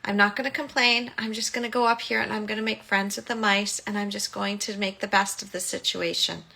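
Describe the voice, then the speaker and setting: A woman lightly voicing a gentle, agreeable young heroine while retelling a film, in a quick, mild way. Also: mid-range voice, fairly even intonation, creaky. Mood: resigned.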